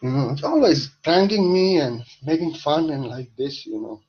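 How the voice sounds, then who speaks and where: A man's voice: a little high, animated, moderate pace, husky, lo-fi sound. A man giving a spiritual monologue in a playful, irreverent way, swearing casually.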